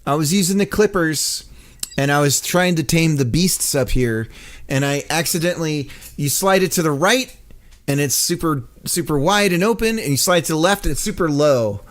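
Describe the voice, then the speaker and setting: A man's voice: fairly high pitch, animated, moderate pace. A man chatting casually on a live coding stream, rambling, laughing often and swearing freely. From United States. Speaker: game dev streamer.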